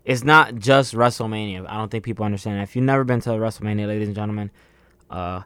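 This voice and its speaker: A man co-hosts a casual wrestling podcast with a somewhat low voice and a dry, teasing manner. He mostly chimes in with short remarks. The recording is close and dry. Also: fast, a bit bright, clean tone, dry recording. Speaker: podcast co-host.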